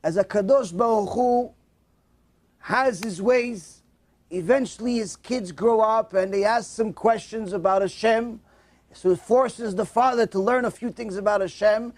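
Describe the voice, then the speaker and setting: A man telling a moral story in a sermon, animated and emotional, acting out the voices. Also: high voice, unhurried. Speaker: religious storyteller.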